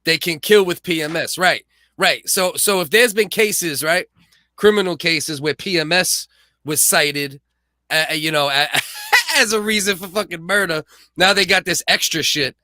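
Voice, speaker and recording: Brief: profane joking male host, bright, dry sound. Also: on the high side, normal speed, dry recording. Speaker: podcast host. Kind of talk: crude comedic casual chat.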